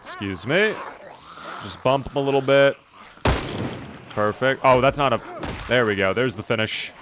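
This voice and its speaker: A man streaming a game live, commenting in an animated, jokey way and talking to his chat. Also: medium pitch, normal speed, noisy background.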